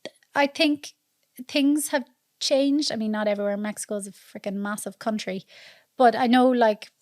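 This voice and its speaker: An Irish woman from Mayo, a podcast guest telling travel stories in a lively, chatty way, often laughing. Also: a little high, moderate pace, dry recording, clean studio sound. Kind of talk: casual storytelling chat.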